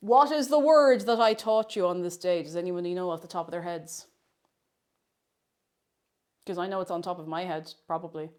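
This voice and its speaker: A woman's voice: on the low side, normal speed, pauses often, darkish tone, clear, resonant tone. A woman chatting casually on a live stream while she cooks, playful and giggly, repeating words for fun.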